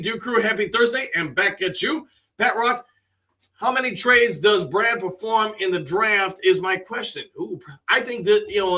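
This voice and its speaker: Bright-voiced man hosting a live chat, friendly and talkative, reads out viewer comments, a bit off the mic. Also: high voice, recorded from a distance. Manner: chatty, greets viewers by name, shares opinions. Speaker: live stream host.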